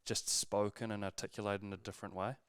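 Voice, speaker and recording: A man's voice: lowish voice, flat delivery, fast talker, fairly bright tone, clear, resonant tone, no room sound. A man co-hosting a podcast, chatting casually, with hesitant restarts. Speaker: podcast co-host. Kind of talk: casual conversational chat.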